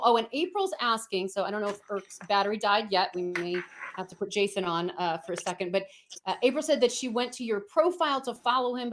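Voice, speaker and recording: A woman hosting a live video stream, chatty and encouraging, reading out viewer comments. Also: medium pitch. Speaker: host. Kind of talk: casual livestream hosting. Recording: faint background noise.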